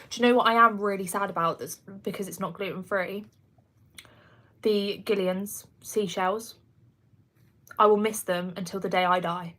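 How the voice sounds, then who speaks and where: A woman in her twenties from England, with a Kent accent, hosts a casual livestream, answering viewer comments and laughing often. Her mid-range, fairly bright voice stays steady and a little slow, with long pauses.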